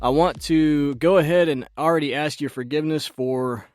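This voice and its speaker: A man hosting a casual solo podcast, his voice croaky and stuffed up from sinus trouble, rambling and laughing at himself. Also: fairly high pitch, moderate pace, darkish tone, faint music behind. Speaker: podcast host.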